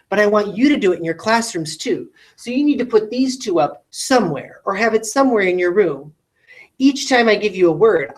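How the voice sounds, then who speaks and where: This rough recording captures a woman with a lowish voice leading a phonics lesson meant for classrooms. She stretches word sounds out slowly and pauses to pose rhetorical questions.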